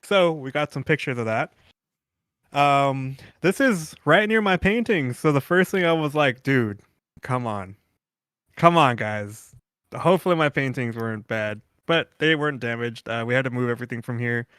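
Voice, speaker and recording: A man's voice: medium pitch, moderate pace, a bit bright, clean tone, no echo, studio quality. A man co-hosting a podcast, telling rambling stories in casual chat and cursing freely. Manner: rambling storyteller, curses freely. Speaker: podcast co-host.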